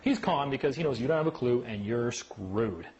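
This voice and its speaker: A man's voice: mid-range voice, normal speed, poor audio. A man giving a casual talk on legal rights to a small group, telling stories and acting out voices. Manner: animated storyteller who acts out voices.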